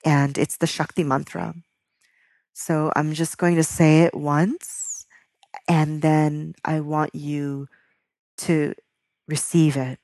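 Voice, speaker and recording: Low, gravelly-voiced woman teaching meditation. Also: little pitch movement, a little mellow, no echo, clean studio sound. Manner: slow, soothing, chants mantras. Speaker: spiritual teacher. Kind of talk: guided meditation and spiritual teaching.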